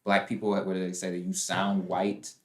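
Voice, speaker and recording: A man's voice: sits low, completely flat delivery, moderate pace, slight background noise. A man co-hosting a live faith talk show, reading verses aloud and breaking words down in a preachy way. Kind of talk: casual live discussion with scripture reading. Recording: roomy echo.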